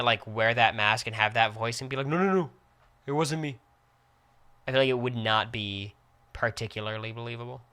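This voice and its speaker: Young male streamer, bright and crisp, casual reactive commentary. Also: mid-range voice. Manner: quick, reactive play-by-play with excited outbursts.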